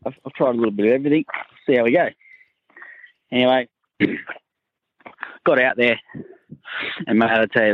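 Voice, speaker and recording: A man's voice: lowish voice, dry recording, lo-fi sound. An Australian man telling a crude, rambling anecdote in a recorded voice message. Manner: crude, laid-back yarn-spinning. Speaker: caller sending in a voice message.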